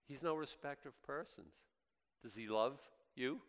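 A man preaching a sermon as pastor, impassioned and swinging from loud highs to quiet asides, often stammering and restarting. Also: moderate pace. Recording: long hall reverb.

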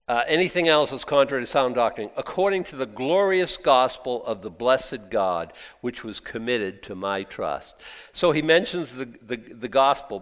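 A man preaching an expository sermon, fervent and emphatic, swinging between hushed asides and exclamatory praise. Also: medium pitch, big-room sound. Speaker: pastor.

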